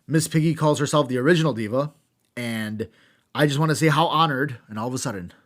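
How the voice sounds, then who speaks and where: A man's voice: medium pitch, fast. A man co-hosting a podcast, recapping a wrestling show with sarcastic asides and lots of swearing. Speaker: podcast co-host.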